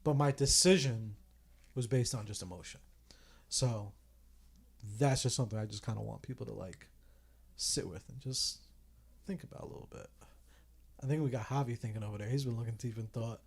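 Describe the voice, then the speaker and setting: A man's voice: medium pitch, fairly quick, vocal fry, long pauses, husky. A man in his thirties hosting a casual podcast chat, candid and reflective, swearing casually as he talks. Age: 30s. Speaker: podcast host.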